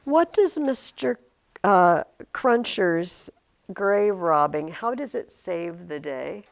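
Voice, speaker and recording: A woman teaching a high school literature class, asking questions and acting out lines from the book. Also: slow, creaky. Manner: animated, asks questions, acts out quotes.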